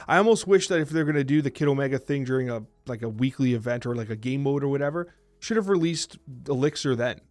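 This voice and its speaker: A man in his thirties co-hosting a podcast, telling stories in a quick, animated, talkative way. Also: medium pitch, no room sound, faint music behind. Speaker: podcast co-host. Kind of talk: casual chat.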